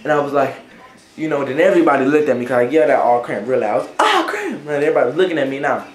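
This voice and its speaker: A young vlogger with a mid-range voice talks very fast, rambling through a casual story to camera. The room is echoey, and he fills his speech with fillers and frequent "right?" tags.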